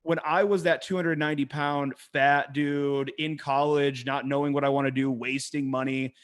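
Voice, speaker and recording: Man, dating coach, fairly high voice, lively and profane, drops to a murmur for quoted lines. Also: moderate pace. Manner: animated storyteller, acts out quotes in a hushed voice; profane, emphatic. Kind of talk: casual podcast chat.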